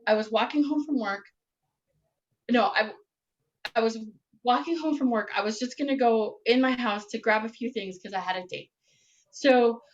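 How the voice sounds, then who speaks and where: Woman, personal storyteller, candid and rambling, fairly high voice, slightly dull recording. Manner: candid, rambling, self-correcting with fillers.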